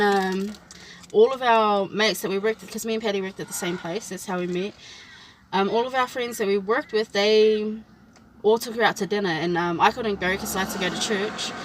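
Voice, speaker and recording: A woman's voice: mid-range voice, normal speed, a little hiss or hum, poor audio. A woman, telling a personal story in a casual chat and acting out what people said. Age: 20s. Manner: animated storytelling, acts out quoted lines. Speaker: vlog host.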